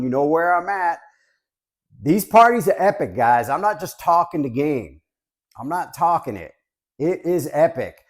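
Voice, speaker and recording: A man's voice: fairly high pitch, expressive, moderate pace. A man in his fifties from Southern California, chatting casually and joking as he reviews collectibles for his viewers. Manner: chatty, joking, repeats "guys". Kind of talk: casual chat to camera.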